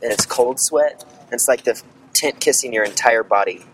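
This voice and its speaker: A man's voice: medium pitch, a bit bright, slight background noise, low-quality recording. A young man, a college student camping out, telling jokey stories. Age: young adult. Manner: fast joking storyteller.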